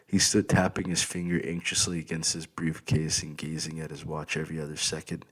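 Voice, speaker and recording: A man reading an audiobook in an expressive first-person storytelling way. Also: very deep voice, fairly quick. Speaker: audiobook narrator. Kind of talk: scripted audiobook narration.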